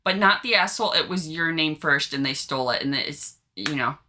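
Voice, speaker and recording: Bright, chatty woman co-host. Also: deep voice, lively intonation, slight background noise. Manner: chatty, laughs easily, gives quick verdicts. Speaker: podcast co-host. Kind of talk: casual chat.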